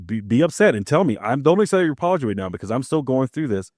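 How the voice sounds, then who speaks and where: Very animated and fast-talking, a podcast host from Maryland, USA, has a medium-pitched, darkish voice as he chats and tells family stories, performing the dialogue as he goes. It's recorded clean in a studio without room sound.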